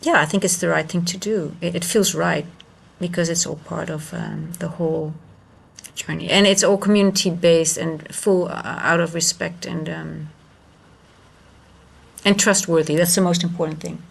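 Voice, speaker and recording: Woman, live-stream trader, low gravelly voice, halting, restarts. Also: fairly even intonation. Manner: rambling, halting, many restarts and fillers. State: moved and emotional. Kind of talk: casual live-stream chat.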